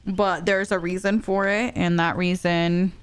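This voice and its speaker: Young woman game streamer, casual and chatty, unhurried delivery, hums to herself between lines. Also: lowish voice, level tone, clean tone. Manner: chatty, hums little vocal stims. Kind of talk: casual gameplay chat while answering viewers.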